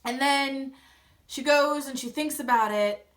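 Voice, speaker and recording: A woman's voice: high-pitched, a little slow, fairly bright tone. A young woman vlogger giving a casual, blunt recap of a reality TV episode and acting out the scenes in quoted voices.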